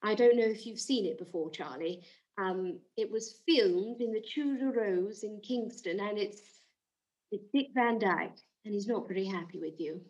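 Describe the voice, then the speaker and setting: A woman's voice: mid-range voice, moderate pace, darkish tone, dull audio. A woman hosting a comedic mock interview in an effusive, theatrical manner.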